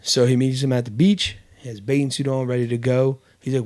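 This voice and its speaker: A man's voice: mid-range voice, flat delivery, a little fast, hardly any pauses, darkish tone. A man hosting a casual podcast chat, telling a story with lots of fillers and restarts. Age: adult with kids. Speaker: podcast host.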